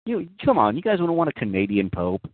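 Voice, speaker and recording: A man's voice: mid-range voice, wildly swooping pitch, fast, no room sound. A man hosting a casual call-in talk show, mocking and profane, rambling through many fillers, over a dry, tinny phone-line recording.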